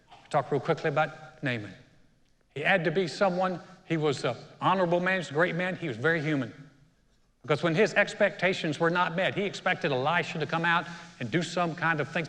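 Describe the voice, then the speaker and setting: A man's voice: a little high, sharp tone. A man preaching a sermon as senior pastor, telling a story in a conversational way and acting out the quotes. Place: church auditorium. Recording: church hall reverb.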